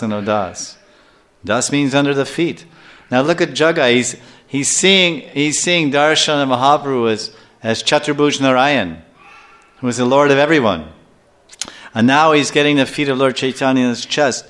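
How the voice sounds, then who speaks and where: Older man teaching scripture, animated storyteller. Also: mid-range voice, unhurried, long pauses. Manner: animated storyteller who acts out scenes and chuckles often. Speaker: spiritual teacher. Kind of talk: scripture class lecture.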